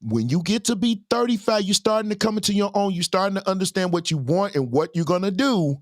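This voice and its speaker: A man's voice: sits high, fairly quick, no echo, clean studio sound. A man hosting a reaction commentary, giving preachy advice and speaking straight to his listeners. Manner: animated, preachy, addressing listeners directly. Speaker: commentary host.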